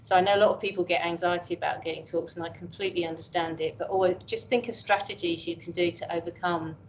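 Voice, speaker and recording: A woman's voice: lowish voice, steady tone, quick pace, a little hiss or hum. A woman in her fifties with an English accent, a professor guest talking candidly and chattily in an interview. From England. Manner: candid, chatty, self-deprecating. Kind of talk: reflective casual interview talk. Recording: dull lo-fi audio.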